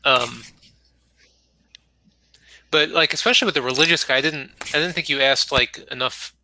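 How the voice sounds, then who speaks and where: A man's voice: mid-range voice, normal speed, pushed and bright, no room sound, rough recording. A man chatting casually during an online poker game, giving frank, rambling feedback full of fillers. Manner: frank, thinks aloud with many fillers.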